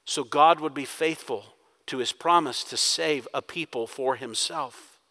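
A man delivers a sermon with a bright, ringing tone. His preaching is emphatic, rising in force and then dropping to hushed intensity. The sound carries a long reverb from a large hall. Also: medium pitch, measured pace. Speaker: pastor.

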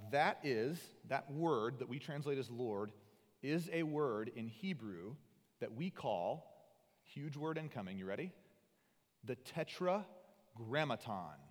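A man preaching a sermon, animated and conversational, acting out the voices he quotes. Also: medium pitch. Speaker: pastor. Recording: long hall reverb.

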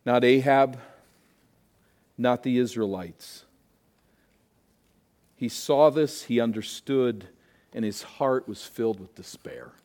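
A man preaching a sermon with an ordinary mid-pitched voice. He builds to loud, emphatic peaks, then drops to quiet asides. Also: slow pace, pauses often. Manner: dramatic preaching, rising to emphatic peaks and dropping to hushed asides. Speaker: pastor.

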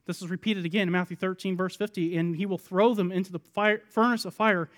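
High-voiced man preaching a dramatic sermon. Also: steady tone, fast. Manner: dramatic, voicing the people in the parable; swings between loud pleading and soft, low asides. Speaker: pastor.

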